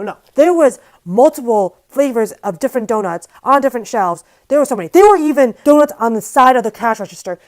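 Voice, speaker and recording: A woman vlogger telling a story to camera in a casual, animated, exasperated way, with lots of "like". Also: medium pitch, rough recording. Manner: casual, filler-heavy speech with frequent "like".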